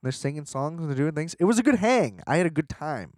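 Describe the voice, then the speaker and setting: A man's voice: on the high side, sing-song, quick pace, darkish tone, no echo, studio quality. A man hosting a podcast alone, chatting casually about movies in a rambling, profane and self-mocking way. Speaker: podcast host. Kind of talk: casual solo commentary.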